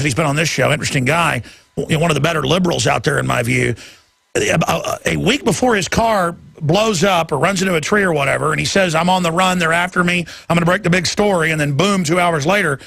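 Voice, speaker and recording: A man's voice: a little high, vocal fry, pushed and bright, husky, no room sound. A man hosting a talk radio show, delivering heated, emphatic commentary.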